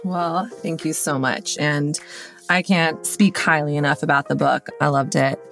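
A woman hosting a podcast chats with her guest in a gushing, enthusiastic way. Her voice is very low, and faint music sits behind her. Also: fairly even intonation, a little slow, vocal fry, fairly bright tone. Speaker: podcast host. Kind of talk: casual interview chat.

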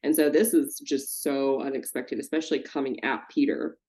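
A woman's voice: a bass voice, moderate pace. A woman co-hosting a podcast, recapping a reality show in casual, profane chat and putting on the voices of the people she describes. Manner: animated, profane, mimics people she talks about. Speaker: podcast co-host.

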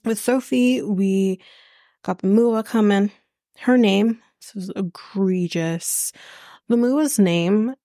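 A woman's voice: mid-range voice, slow pace, dark tone, no echo, clean studio sound. A woman hosting a podcast, recapping a reality show in a casual, sarcastic, blunt way with plenty of swearing. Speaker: podcast host.

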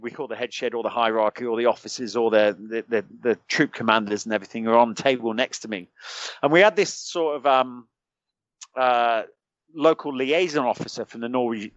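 A middle-aged former soldier from the United Kingdom, speaking with a British accent at medium pitch, guests on a podcast and relates a long, casual anecdote, voicing the other people in it. It's a dry, slightly dull recording.

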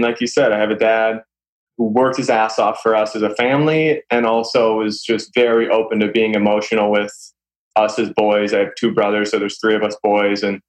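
A man's voice: lowish voice, low-quality recording. A young adult man speaking as an interview guest, sincere and easygoing, often breaking into light chuckles. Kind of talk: casual interview chat.

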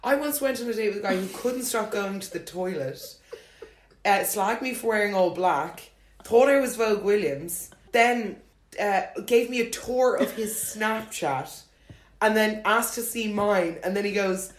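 A woman's voice: medium pitch, measured pace. A woman, co-hosting a podcast and telling stories in casual chat, swearing freely and often. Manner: swearing, animated storytelling. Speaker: podcast co-host. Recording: roomy echo.

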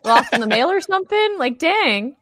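A woman co-hosting a live-streamed fan podcast in casual chat, giggling and reacting quickly. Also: high voice, sing-song, a bit bright. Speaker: podcast co-host.

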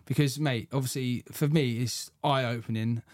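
A man's voice: mid-range voice, steady tone, normal speed, a little mellow, dry recording, clean studio sound. A podcast host chatting casually, reminiscing and prompting his guest. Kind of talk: casual interview chat.

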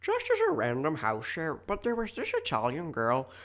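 A man's voice: fairly high pitch, wildly swooping pitch, moderate pace, a bit bright, voice pushed up, full character voice. A man voicing a young woman from Derry, reading a listener's gossip story in an exaggerated, sing-song put-on Northern Irish accent. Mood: mock-serious.

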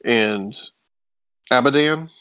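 A man walks through a comic's plot in easygoing podcast chat at a medium pitch. He tosses off quick paraphrases of what the characters say and laughs easily along the way. His voice is recorded close and dry, with no room sound. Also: fairly bright tone, clear, resonant tone, dry recording. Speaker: comic book podcast co-host. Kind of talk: casual chat recapping a comic.

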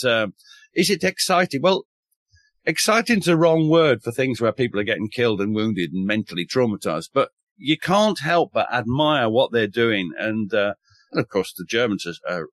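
A man from the north of England, a military historian telling war stories as a podcast guest in a wry, animated way, swearing casually and restarting often. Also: fairly low pitch, dry recording. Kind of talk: enthusiastic podcast storytelling.

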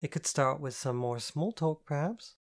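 A man voicing a calm, direct young woman in an audiobook, speaking flatly and deadpan, without hurry. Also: on the high side, natural voice. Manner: deadpan, flat, unhurried. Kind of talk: audiobook character voice.

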